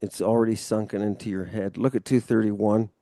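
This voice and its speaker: A man's voice: lowish voice, steady tone, fairly quick, mellow, no room sound. A man giving a casual one-on-one Ancient Greek lesson, explaining step by step and often checking understanding with "right?". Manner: casual and loose, with mild swearing.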